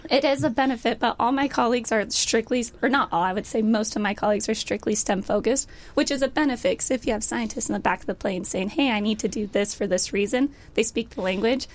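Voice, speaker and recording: Hoarse upbeat young woman. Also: fairly high pitch, fast, few pauses. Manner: upbeat, laughs often. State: hoarse, losing her voice. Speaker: guest pilot. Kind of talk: casual interview chat.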